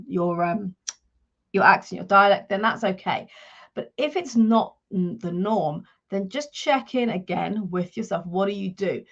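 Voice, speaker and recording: A woman coach talks through practical advice in an earnest, conversational way, often stumbling and restarting her phrases. Her voice sits in a middle register with a noticeable creak. The live-stream audio sounds dull and lo-fi. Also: medium pitch, a bit bright. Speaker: leadership and career coach.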